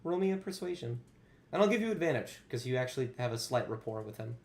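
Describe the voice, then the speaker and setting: A man narrating as game master of a tabletop game, speaking in a measured way with frequent fillers. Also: mid-range voice, animated, creaky, reverberant.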